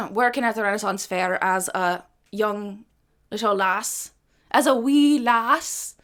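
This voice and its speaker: A woman's voice: fairly high pitch, a bit bright. A woman hosting a live music stream, chatting casually between songs, rambling and swearing freely with self-mocking humor. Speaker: livestream host and singer.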